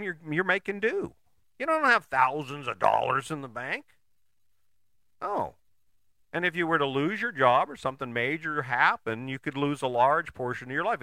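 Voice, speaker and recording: A man's voice: fairly high pitch, sharp tone, dry recording, clean studio sound. A man giving a blunt, profane, emphatic motivational monologue, full of rhetorical questions and restarts.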